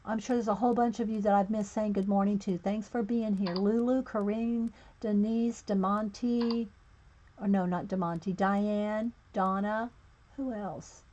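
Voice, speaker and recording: A woman's voice: medium pitch, steady tone, measured pace, darkish tone. Chatty woman greeting her stream. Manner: chatty, greets viewers by name. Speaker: livestream host. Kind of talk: casual livestream chat. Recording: dull lo-fi stream audio.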